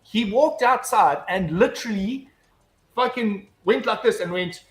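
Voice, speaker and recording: Man, slightly high voice, casual storyteller, lots of swearing, rambling restarts. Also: a little slow. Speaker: guest. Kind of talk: casual chat, telling an anecdote.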